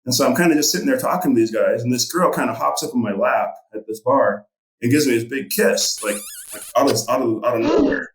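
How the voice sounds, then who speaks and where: A man's voice: mid-range voice, fast talker, roomy sound. A middle-aged man and fishing guide, telling a story casually in a rambling way with many fillers. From Montana.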